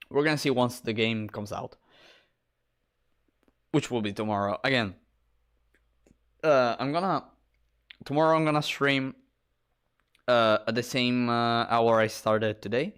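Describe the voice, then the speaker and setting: A tired man streamer wrapping up a game stream, speaking in a halting, friendly way and often repeating himself. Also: lowish voice, fairly bright tone, clear, resonant tone. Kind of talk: casual stream sign-off.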